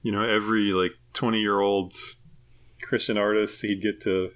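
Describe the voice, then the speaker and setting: A man's voice: fairly low pitch, flat delivery, moderate pace, a bit bright. A man co-hosting a podcast in casual chat, making dry jokes and rambling asides. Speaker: podcast co-host.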